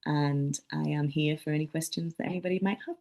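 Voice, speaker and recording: A woman presents at an academic conference in a friendly, repetitive way, with frequent "um"s. Her voice sits a little low for a woman. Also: fairly even intonation, fairly quick, darkish tone. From Sunderland, England.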